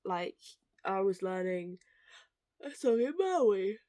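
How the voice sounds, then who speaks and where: A young woman telling stories in a casual, animated rant, swearing and acting out what others said. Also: mid-range voice, dry recording. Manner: animated, swearing, quick asides, acts out quoted voices. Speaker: vlogger.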